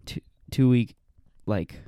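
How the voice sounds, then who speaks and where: A man's voice: slow, warm tone, dry recording, clean studio sound. A young man co-hosting a podcast in casual chat, laid-back, riffing on jokes and laughing often. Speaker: podcast co-host.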